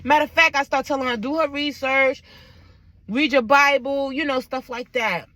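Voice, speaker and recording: A woman's voice: high-pitched, steady tone, normal speed, pushed and bright, dry recording. A woman telling a personal story on her vlog, emphatic and blunt, with frequent asides to her viewers. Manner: blunt and profane. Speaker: vlogger.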